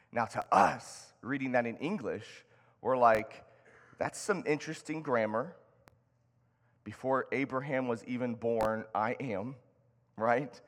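A man giving a sermon as pastor, talking in a conversational way with restarts and reading Scripture aloud. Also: medium pitch. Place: church sanctuary. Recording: long hall reverb.

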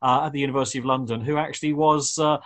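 Man as a rapid-fire radio host who drifts into jokey tangents, mid-pitched voice. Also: fairly even intonation, fairly bright tone. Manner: rambling, jokey asides. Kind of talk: chatty radio interview.

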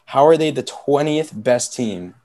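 A man's voice: medium pitch, lively intonation, measured pace, a little mellow. A man co-hosting a casual sports podcast, venting in a sarcastic, exasperated way. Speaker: podcast co-host.

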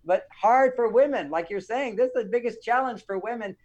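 A man's voice: very high voice, darkish tone, lo-fi sound. Enthusiastic male author on relationships. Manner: enthusiastic, emphatic, quick to agree. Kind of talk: casual conversational interview.

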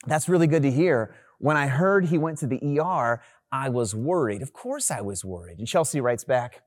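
A young adult man, a pastor, telling a personal story in a sermon in an animated, conversational way with many fillers. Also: mid-range voice, moderate pace, no room sound, studio quality. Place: online church gathering recording.

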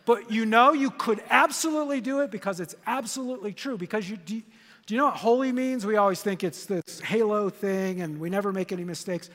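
An older man, a grandfather, preaching a sermon in a church auditorium, animated and leading the congregation in repeated phrases. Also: high-pitched, fairly quick, long reverb tail. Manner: animated, storytelling with congregation call-and-response. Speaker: pastor.

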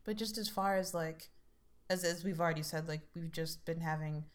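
A young adult woman co-hosting a podcast in easygoing, chatty conversation. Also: moderate pace. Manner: chatty, easygoing, acts out quoted people in a higher voice. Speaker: podcast co-host. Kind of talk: casual podcast chat.

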